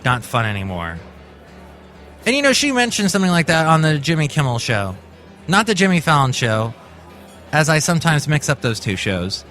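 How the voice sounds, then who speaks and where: A male host talks through the news in a casual, rambling way, often stopping to correct himself. His voice is bright and a bit high, with a lively, animated pitch. Faint music sits behind him. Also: a little fast. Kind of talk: casual commentary.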